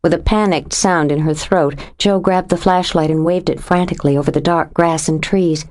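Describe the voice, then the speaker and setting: A woman narrating a suspense audiobook in a steady, measured reading voice. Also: deep voice. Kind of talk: scripted narration.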